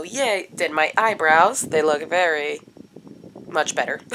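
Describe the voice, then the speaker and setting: A woman vlogging casually from home, her voice raspy and stuffed up from congestion, chatting in a rambling way with lots of fillers. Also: on the low side, a bit bright, a little hiss or hum. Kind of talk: casual daily vlog.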